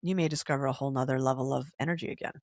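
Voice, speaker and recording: A woman's voice: a bass voice, fairly even intonation, rapid-fire, a little mellow, dry recording, studio quality. A middle-aged woman co-hosting a podcast, speaking frankly and emphatically in casual chat. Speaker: podcast co-host.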